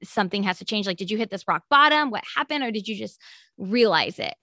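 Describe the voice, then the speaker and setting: A woman hosts a podcast interview with a bright, crisp voice and a dry, close sound. She keeps up a stream of short affirmations and reacts quickly with gasps and questions. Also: mid-range voice, animated, no echo. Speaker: podcast host. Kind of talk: casual interview chat.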